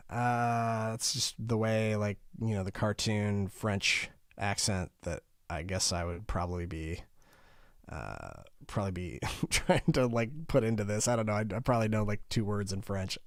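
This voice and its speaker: A man's voice: lowish voice, moderate pace, no room sound, studio quality. A man hosting a music feedback livestream, chatting casually with viewers and sounding worn out. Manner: chatty, greets viewers by name. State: tired, low energy. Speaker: host.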